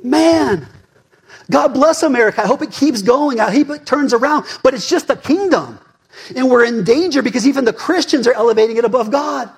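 A male pastor in his forties preaching a sermon in a fired-up, conversational way, swinging between loud emphasis and hushed asides. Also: very high-pitched, expressive, brisk, vocal fry, husky.

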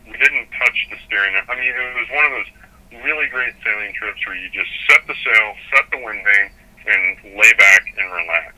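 A man with a very bright, forceful voice sits for an interview and tells his sailing story in a lively, rambling manner. He pitches a bit low and restarts his sentences often as he goes. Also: dull audio. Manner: animated storyteller with many restarts. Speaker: sailor guest.

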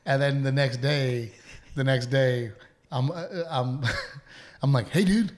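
Young adult male podcast co-host, animated and profane when telling stories. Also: mid-range voice, slow pace. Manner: animated, acts out quotes, swears. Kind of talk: casual storytelling chat.

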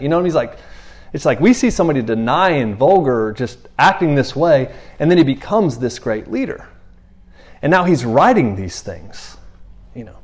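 A man's voice: medium pitch, fairly quick. A man preaching in a loose, conversational way, repeating himself and briefly acting out the people he quotes. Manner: animated, repeats himself, acts out quotes in passing. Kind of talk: conversational sermon.

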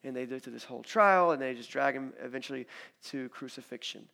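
A man preaching a sermon in a conversational, animated storytelling way, acting out quotes as he goes. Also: medium pitch, fairly quick, gravelly. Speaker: pastor.

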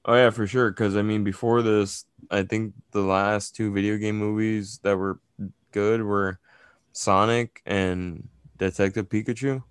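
A man co-hosting a casual movie review podcast, joking and relaxed with plenty of fillers. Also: lowish voice, a little slow, smooth, no echo. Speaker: podcast co-host.

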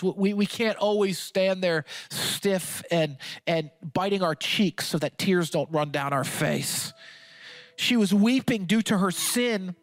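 A man pastor preaching a sermon with passion, often restarting and stammering as he presses his points. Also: high voice.

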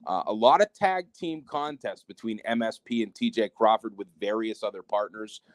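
Man, low voice, wrestling co-host, candid, heated, dry close sound. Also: normal speed, dry recording. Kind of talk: casual podcast chat.

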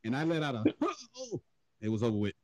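A man's voice: fairly low pitch, racing, darkish tone. A man telling a funny story in a casual podcast chat, swearing often and laughing through it.

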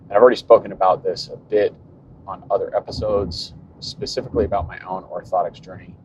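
A man in his fifties talks through a solo podcast from behind the wheel, his voice sitting low. He thinks aloud with wry, sarcastic asides. The sound is muffled, with a faint road rumble under it. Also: fairly even intonation, fast. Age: 50s. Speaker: cycling podcast host and coach. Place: in a moving car.

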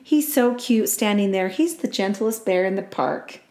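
A woman's voice: mid-range voice, expressive, moderate pace, darkish tone, natural voice. A woman voicing a careless lady who dotes on a bear and brushes off the rules. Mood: doting. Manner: gushing and dismissive. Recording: roomy echo.

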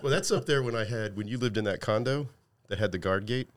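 A man's voice: fairly low pitch, quick pace, no echo. A man on a podcast, telling a funny story in casual chat and laughing along as he goes. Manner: laughs through his own stories. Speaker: podcast guest.

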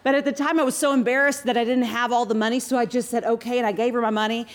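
A middle-aged woman co-preaching with her husband, telling a self-deprecating story with expressive energy. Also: on the high side, racing. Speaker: pastor's wife, co-speaker. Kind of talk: sermon storytelling.

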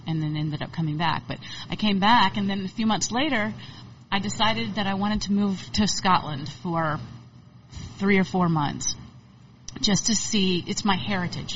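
A woman's voice: medium pitch, moderate pace, far from the mic, muffled recording, slight background noise. A woman musician chatting as an interview guest, rambling and laughing often. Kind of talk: casual interview chat.

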